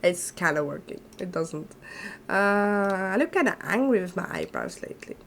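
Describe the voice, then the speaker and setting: A woman's voice: mid-range voice, lively intonation, normal speed, slight background noise. A woman streaming a game, chatting casually and giggling often between asides. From not Australia. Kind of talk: casual gameplay chat, reading game lines aloud.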